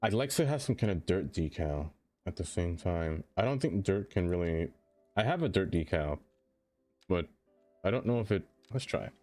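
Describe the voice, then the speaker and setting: A man's voice: sits low, lively intonation, moderate pace, darkish tone, soft background music. A man streaming a city-building game, chatting loosely and answering his viewers in a rambling, self-deprecating way.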